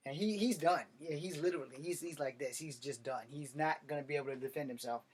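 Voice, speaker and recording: A man telling a personal story in a blunt, profane, animated way. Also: a little high, quick pace, few pauses, husky. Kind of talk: casual storytelling monologue.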